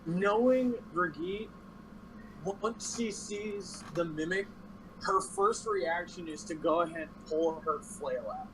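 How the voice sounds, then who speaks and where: A man's voice: sits high, takes it slowly, fairly bright tone, slight background noise, rough recording. A man playing a tabletop game, describing his character's actions casually. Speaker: player.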